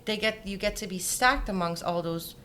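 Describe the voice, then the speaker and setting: A woman's voice: medium pitch, moderate pace, pushed and bright, a little hiss or hum. A woman from Denmark, a jewelry designer, chatting in an interview and telling anecdotes with quoted dialogue. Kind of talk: conversational interview.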